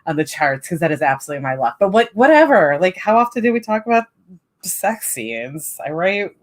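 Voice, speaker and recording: A woman's voice: fairly low pitch, big pitch swings, fairly quick. A woman hosting a live writing-sprint stream, chatting casually and rambling with many fillers and giggles.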